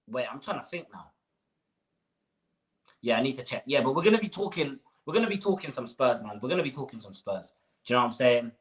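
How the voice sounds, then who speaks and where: A man's voice: on the high side, bright, forceful tone, rough recording. A man hosting a live fan stream, ranting with rhetorical questions and slang. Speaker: fan channel host.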